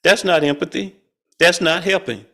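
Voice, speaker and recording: Host: middle-aged man, gravelly and slightly high voice, folksy and chatty, chuckles a lot, on a video call. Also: steady tone, moderate pace, bright, forceful tone. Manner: folksy, colloquial, chuckles often. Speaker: spiritual study group leader. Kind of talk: casual spiritual talk.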